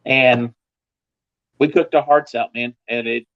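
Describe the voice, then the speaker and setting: A guest pitmaster on a live show tells a story in a casual, animated way, and his voice jumps higher whenever he imitates other people. He speaks slowly, and the recording sounds muffled.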